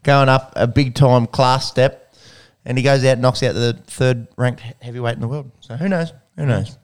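A man's voice: mid-range voice, steady tone, moderate pace. A man hosting a casual sports podcast, jokey and swearing casually. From Australia. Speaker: podcast host.

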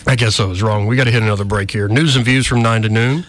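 A man's voice: lowish voice, fast talker. Wry talk radio host man. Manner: ranting, wry, animated. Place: radio studio.

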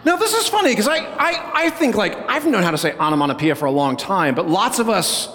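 Male pastor, sermon, playful conversational delivery, high voice, echoing church hall. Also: big pitch swings, a little fast, fairly bright tone. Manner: playful, conversational, often asks "right?".

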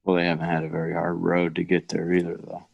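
Podcast co-host: middle-aged man, very low and gravelly, dry wit, close dry sound. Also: monotone, fast talker, no room sound, highs cut off. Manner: dry, joking asides. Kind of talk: casual sports podcast chat.

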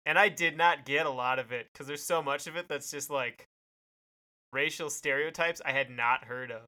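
A man's voice: on the high side, normal speed, bright, forceful tone. A man co-hosting a casual podcast, chatting and telling stories with friends. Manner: chatty, rambling with fillers. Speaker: podcast co-host. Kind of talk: casual chat.

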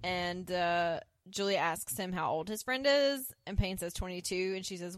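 A woman's voice: fairly low pitch, normal speed, few pauses, no echo, clean studio sound. A woman co-hosting a podcast, casually retelling episode scenes and acting out the characters' lines with frequent laughs. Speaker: podcast co-host. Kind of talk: casual recap chat.

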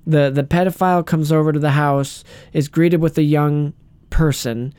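Guy on a podcast telling a story, does silly high voices for quotes, dry close mic. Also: moderate pace, clear, resonant tone, no room sound. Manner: animated storyteller, acts out quotes in a higher voice. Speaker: podcast co-host. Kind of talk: casual chat.

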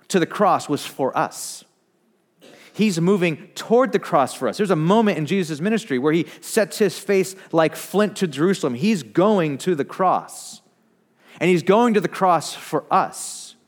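A man preaching a sermon, swinging between loud emphatic declarations and hushed, low retellings. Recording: long hall reverb.

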